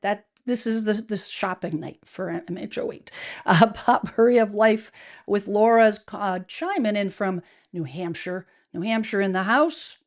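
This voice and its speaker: Chatty upbeat woman hosting a livestream. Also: mid-range voice. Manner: chatty, upbeat, many fillers and restarts, laughs often. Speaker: livestream host, real estate advisor. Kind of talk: casual livestream chat. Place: home studio, indoors.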